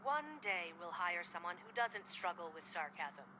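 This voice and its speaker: An actress voicing a sarcastic, scolding postal supervisor over a phone call in a game. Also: female voice, lowish voice, big pitch swings, unhurried, sharp tone, a little hiss or hum, heavily acted.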